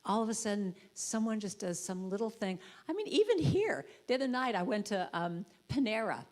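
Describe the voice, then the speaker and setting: A woman, a visiting speaker and musician, preaches a storytelling sermon in a church sanctuary, warm and conversational, performing the voices in her tales. Her medium-pitched voice is very animated at a moderate pace.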